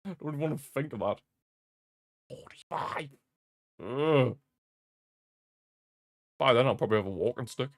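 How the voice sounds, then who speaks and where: A man's voice: medium pitch, expressive, brisk, pauses often, no echo, studio quality. A young man hosting a live football watch-along stream, chatting casually and commenting on the match with frequent laughter and repeated jokey rants. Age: young adult. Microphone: streaming desk mic.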